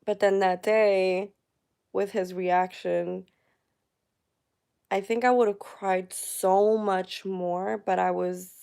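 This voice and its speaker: Candid gravelly-voiced woman vlogging. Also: mid-range voice, steady tone, takes it slowly, warm tone. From United States. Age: 30s. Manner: candid, emotional, chatty with many fillers. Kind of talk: personal vlog talking to viewers. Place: at home.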